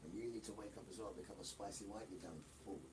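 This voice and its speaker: A man with a lowish voice rants on a livestream, lecturing and scolding his viewers. His delivery is emphatic, and a steady hum of ambient noise sits under the recording. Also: quick pace, rough recording. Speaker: livestream host. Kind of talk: ranting commentary over played clips.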